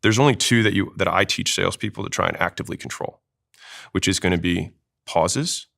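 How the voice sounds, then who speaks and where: Fast-talking deep gravelly man. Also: fairly bright tone. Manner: fast-talking, explains with examples. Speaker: sales trainer. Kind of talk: casual interview talk.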